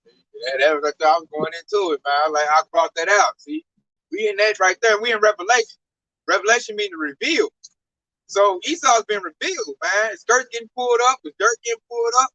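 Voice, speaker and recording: A man talking in a casual religious discussion, slangy and animated, telling stories. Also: high-pitched, brisk, no echo, low-quality recording.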